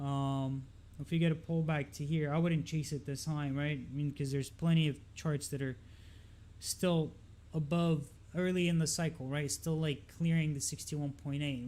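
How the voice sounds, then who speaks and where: A man's voice: on the high side, mellow. A young man from Lebanon who hosts a live stream and talks through market charts casually, rambling with lots of fillers and repeated words.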